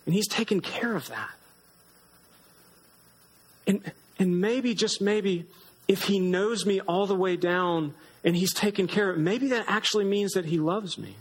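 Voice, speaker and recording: Male pastor, sermon, earnest, fairly high voice, emphatic lifts. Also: measured pace, breathy edge, low-quality recording. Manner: earnest, rises in pitch for emphasis.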